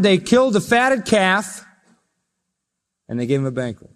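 A man preaching a sermon, telling the story with emphasis and swinging between loud and soft passages. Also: a little high. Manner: storytelling, emphatic, rises and drops in volume. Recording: long reverb of a large hall.

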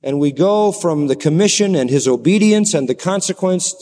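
A man preaching a sermon in a dramatic, animated way that plays up the story for his listeners. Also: fairly high pitch, moderate pace. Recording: long hall reverb.

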